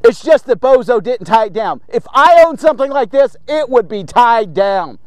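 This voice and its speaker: A man's voice: extremely high pitch, sing-song, moderate pace, darkish tone, no room sound. A man hosting a devotional podcast, talking casually and jokily while he preaches, recorded on a phone outdoors. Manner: chatty, repeats "okay?" often, jokey asides. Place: outdoors, sitting in a chair in a lot.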